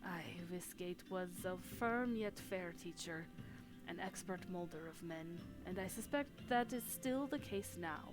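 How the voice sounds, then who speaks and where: A video game hunter with a heavy put-on Russian accent, read aloud by a woman streamer. He speaks in stiff, old-fashioned phrases, in a lowish voice, with game music playing faintly underneath. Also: normal speed, natural voice. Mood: grave, grateful. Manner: formal, archaic phrasing. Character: gruff male hunter in a fake Russian accent.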